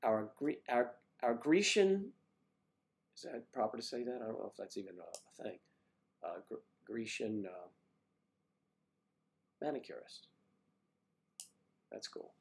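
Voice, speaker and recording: A man's voice: lowish voice, a little slow, creaky, pauses often, darkish tone. Chatty man hosting a casual livestream. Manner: chatty, rambling, greets viewers by name. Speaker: livestream host reading viewer comments. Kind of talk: casual chat.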